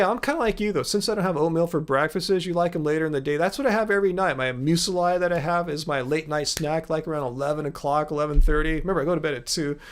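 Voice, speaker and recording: A man hosting a live viewer Q&A, talking in an easygoing, rambling way with lots of fillers. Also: a little high. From Los Angeles, USA. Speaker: livestream host. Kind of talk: casual live Q&A.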